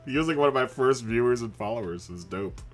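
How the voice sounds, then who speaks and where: A man hosts a live stream of a racing game, chatting casually with viewers, greeting them by name and laughing a lot. His medium-pitched voice is expressive and fast, and faint music plays behind him. He uses a studio microphone running through a mixer.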